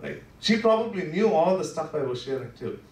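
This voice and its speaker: A man preaching a Good Friday sermon in a church, talking conversationally with lots of "you know" fillers, dropping to soft, low asides and then rising with passion. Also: big pitch swings, fairly quick. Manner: swings between soft, low asides and impassioned rises. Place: church worship center. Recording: echoey sanctuary heard from a distance.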